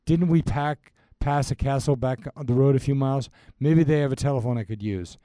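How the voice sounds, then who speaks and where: An earnest young fellow speaking love lyrics as plain verse, as a man reads him in his own mellow voice. The sound is dry and close, with no room around it. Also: medium pitch, fairly quick, smooth, no room sound, natural voice. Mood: worried. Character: earnest young male groom-to-be.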